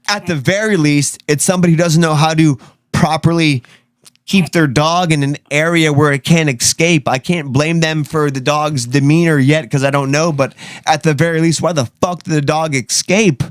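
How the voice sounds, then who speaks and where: Man co-host, animated storyteller, swears a lot, slightly high voice, dry close sound. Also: moderate pace, clear, resonant tone, no echo. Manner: animated storyteller, swears freely, acts out dogs and people. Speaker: podcast co-host. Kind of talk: casual live-show chat.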